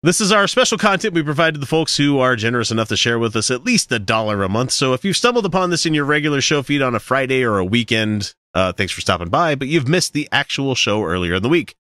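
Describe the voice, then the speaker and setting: A male podcast host with a bright, forward voice that jumps all over its range. He talks in a loose, sarcastic way and swears often. The sound is dry and close to the mic. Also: mid-range voice, very animated, fast, few pauses, dry recording. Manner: profane, sarcastic, reads a text aloud mockingly. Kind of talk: casual podcast chat.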